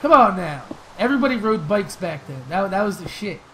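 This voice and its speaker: A young man hosting a gaming channel, telling stories and answering viewer questions in loose, profane, laughing chat that flares into excited shouts during fights. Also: sits high, fairly quick, a little hiss or hum, poor audio. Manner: loose, profane storytelling with frequent laughs and fillers. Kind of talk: casual gameplay commentary with viewer Q&A.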